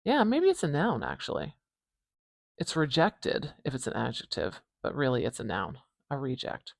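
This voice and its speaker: A pronunciation teacher with a North American accent, giving an informal phonetics lesson, thinking aloud and repeating words slowly and deliberately. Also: mid-range voice, sing-song, creaky, no echo.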